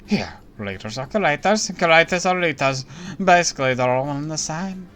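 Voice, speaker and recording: A man's voice: on the high side, expressive, brisk, fairly bright tone, faint music behind, voice pushed up. A man voicing a frazzled, sleepless manga artist on deadline in a game, reading the lines aloud on a stream in a brash, bossy way. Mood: fired up.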